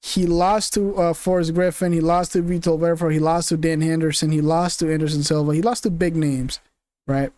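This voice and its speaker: A man's voice: on the high side, fairly even intonation, fairly quick, dark tone, no echo. A young man streaming casual commentary, rambling, cursing, laughing often and groping for names.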